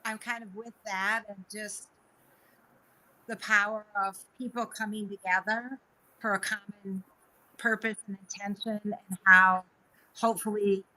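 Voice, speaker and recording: Guest: woman on a remote call, bright voice, casual, flustered. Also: mid-range voice, little pitch movement, a little slow, low-quality recording. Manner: flustered, laughs at tech trouble. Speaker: spiritual guest co-host. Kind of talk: casual live radio chat.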